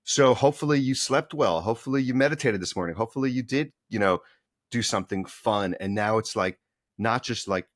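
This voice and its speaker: A man's voice: fairly low pitch, fairly quick, dry recording, clean studio sound. A man, a mindfulness coach, speaking as a podcast guest in an earnest, upbeat coaching manner. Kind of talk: casual interview chat.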